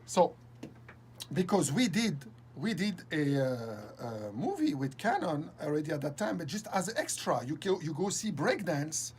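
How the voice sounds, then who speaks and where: A man's voice: fairly high pitch, sing-song, darkish tone, slight background noise. Laughing man telling a story. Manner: laughs often, halting restarts, acts out quoted dialogue. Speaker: interview guest. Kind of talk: animated storytelling anecdote.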